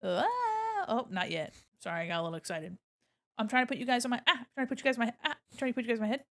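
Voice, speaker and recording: Woman, high voice, casual livestream chatter, playful, hums and sings along. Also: rapid-fire, bright, forceful tone. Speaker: art streamer. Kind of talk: casual livestream chat to viewers.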